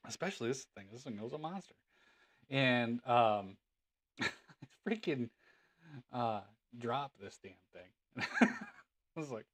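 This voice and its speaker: A man's voice: mid-range voice, wildly swooping pitch, a little slow, bright, forceful tone. Rambling man chatting on a livestream. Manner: rambling, laughing, many fillers. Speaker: livestream host. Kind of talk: casual livestream chat.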